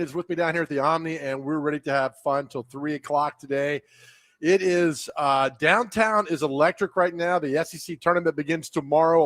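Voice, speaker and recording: A man's voice: fairly high pitch, fairly bright tone, no echo. A man hosting a live sports talk radio show from a hotel, chatting casually and telling rambling jokes. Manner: joking, rambling storyteller. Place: live remote broadcast from a hotel.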